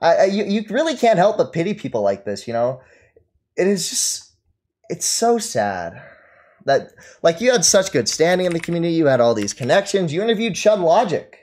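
A man's voice: fairly high pitch, sing-song, moderate pace, a little mellow. A man ranting at his live stream chat, mocking and taunting his target and laughing at them. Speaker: streamer reading and answering chat.

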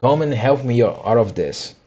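A man's voice: medium pitch, expressive, a little slow, dark tone, dull audio. A man voicing a flustered, bossy male rabbit who barks impatient orders. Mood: angry.

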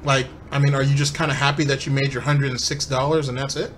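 A man's voice: medium pitch, level tone, fast talker, a bit bright, slight background noise. Sarcastic man mocking clips. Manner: sarcastic and mocking, addresses viewers. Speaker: commentary channel host. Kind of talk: reaction commentary on clips.

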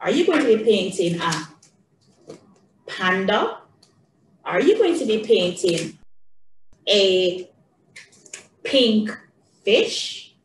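A woman teaching young children, speaking in a slow, singsong, encouraging way, recorded a bit away from the mic in an echoey room with faint background noise. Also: medium pitch, sing-song, distant mic.

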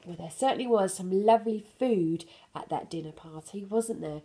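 A woman hosting a children's storytime, reading a picture book aloud in a gentle, sing-song way with soft laughs. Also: medium pitch, normal speed, hardly any pauses.

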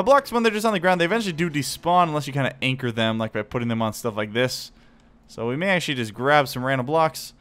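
Chatty let's-play host, man, mid pitch, jumpy exclamations, faint music underneath. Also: clear, resonant tone. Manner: excitable and chatty, laughs and exclaims. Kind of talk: casual gameplay commentary.

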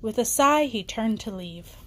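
A woman's voice: on the high side, expressive, unhurried. Woman reading a bedtime story. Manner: warm reading with small slips and restarts.

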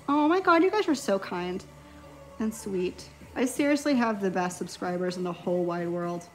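Painting nail swatches live, this thirtysomething nail YouTuber from Long Island talks in a New York accent, slightly tipsy from wine and quick to get distracted. Her medium-pitched voice is animated and moderately paced, and her manner is chatty, scattered and giggly.

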